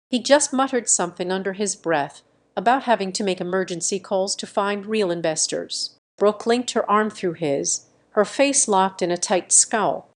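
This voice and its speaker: A woman reading a first-person story as narrator in an even, measured way. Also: mid-range voice. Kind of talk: scripted narration.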